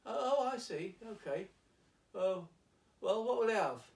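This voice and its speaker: A man's voice: high-pitched, animated, a little slow, creaky, voice pushed up, heavily acted. A man voicing a chatty, flirtatious ladies' man who talks in a breezy, overfamiliar way. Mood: jovial. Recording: roomy, distant, faint piano.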